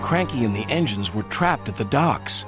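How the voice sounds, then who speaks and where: A man narrating a children's storybook in a measured, dramatic way, with music behind him. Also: medium pitch, lively intonation. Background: background music.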